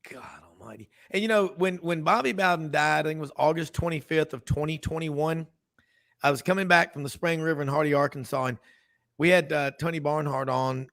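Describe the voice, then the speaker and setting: A sports radio host talks in a rambling, chatty way, piling up asides and restarting his sentences. His voice sits fairly high for a man. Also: fairly even intonation, a little fast, vocal fry, fairly bright tone. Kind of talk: casual sports talk.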